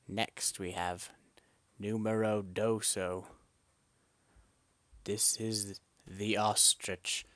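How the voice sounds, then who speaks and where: A man giving a joking, deadpan voice-over about silly animals. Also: on the low side, dry recording. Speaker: video narrator. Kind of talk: comedic voice-over commentary.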